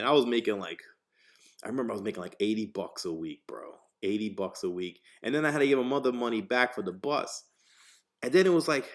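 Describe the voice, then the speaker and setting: A man hosting a podcast, telling a story in casual, profane talk, acting out the voices of the people in it. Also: mid-range voice. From New Jersey, USA. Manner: profane, animated, acts out quoted voices. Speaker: podcast host.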